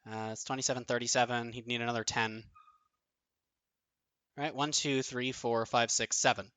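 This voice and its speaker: A man streaming his own online card game tournament, thinking aloud, counting out numbers and swearing often, his voice going a bit hoarse. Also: medium pitch, flat delivery, moderate pace, sharp tone, no room sound. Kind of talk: excited live commentary of own play.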